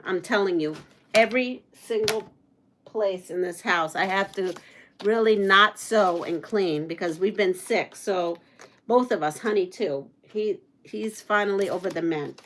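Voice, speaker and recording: Chatty bright-voiced woman quilter. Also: medium pitch, lively intonation, unhurried, a little hiss or hum. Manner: chatty, reads viewer comments aloud with laughs. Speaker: quilting channel host. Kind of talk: casual chat while sewing. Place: home sewing room.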